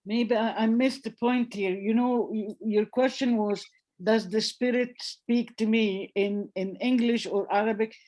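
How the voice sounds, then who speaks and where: A woman's voice: fairly high pitch, fairly even intonation, unhurried, darkish tone. A woman in a casual discussion, talking in a chatty, anecdotal way, often laughing.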